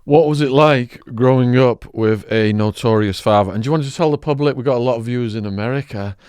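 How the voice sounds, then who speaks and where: A man hosting a podcast, introducing his guest and asking brisk, quick-fire questions. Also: medium pitch, a little mellow, smooth, no echo, studio quality. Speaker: podcast host. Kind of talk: interview hosting.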